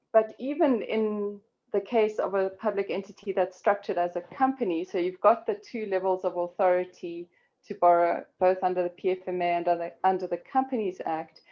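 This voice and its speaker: Low, mellow woman explaining law. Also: lo-fi sound. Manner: measured, explanatory, frequent "um"s. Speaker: corporate law expert presenting. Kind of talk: webinar presentation.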